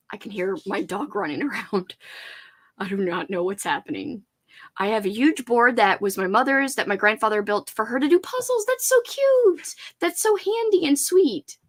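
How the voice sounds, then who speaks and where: A young woman hosting a casual livestream, chatting warmly and reading viewer comments aloud. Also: medium pitch. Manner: bubbly, chatty, talks baby-talk to her dog. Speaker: livestream host.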